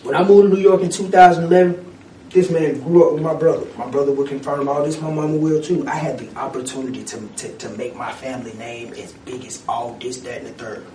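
A man in casual chat, ranting in a lively, profane way with street slang. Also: medium pitch, brisk, a little hiss or hum. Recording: echoey room, mic at a distance.

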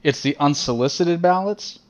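A man's voice: on the high side, normal speed. A man co-hosting a podcast in casual banter, earnest and opinionated as he lays out his arguments. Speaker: podcast co-host.

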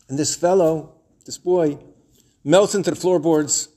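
Give me a man in his twenties with a fairly high voice telling a story with wry humor and big pauses. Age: 20s. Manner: animated, wry, dramatic pauses. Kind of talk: told story to an audience.

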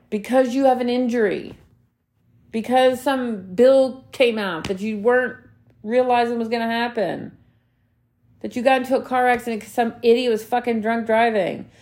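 A woman in her thirties gives a motivational talk on her own solo podcast, heartfelt and emphatic, speaking straight to her listeners. She repeats key points for weight and drops casual swear words. Her voice is fairly high and a little mellow.

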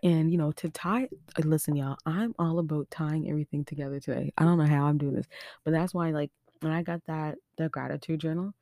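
A young woman from Nova Scotia hosting a podcast, telling a personal story in a chatty, animated way, filled with "like" and acted-out quotes. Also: low-pitched, a little fast, no echo, studio quality. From Nova Scotia, Canada. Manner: chatty and animated, heavy use of "like", acts out quotes. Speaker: podcast host. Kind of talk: casual storytelling monologue.

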